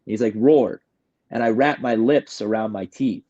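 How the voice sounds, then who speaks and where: A man's voice: on the low side, steady tone, moderate pace, a little mellow, highs cut off. Emotional man telling his recovery story. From New York. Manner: emotional, rambling, restarts often. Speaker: guest sharing recovery story. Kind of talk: candid personal storytelling.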